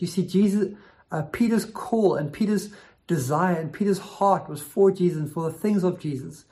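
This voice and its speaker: Guy preaching a sermon, earnest and emphatic, mellow dark voice, keeps repeating lines to drive it home. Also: on the high side.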